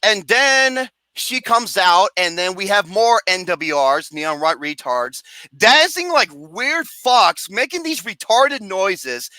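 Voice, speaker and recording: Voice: mid-range voice, slow, no room sound. A movie review host ranting profanely and sarcastically about a film, laughing often as they talk. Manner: animated, laughing, swearing, sarcastic. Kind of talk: profane comedic rant.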